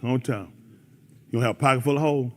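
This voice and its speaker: A man's voice: medium pitch, rapid-fire. A man preaching a fiery sermon, calling out members of the congregation by name. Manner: animated, preachy, calls out listeners by name.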